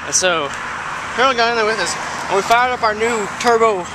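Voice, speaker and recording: A man's voice: high-pitched, fairly quick, very noisy. A man telling a rambling, improvised story outdoors, full of "like" fillers and repeated words.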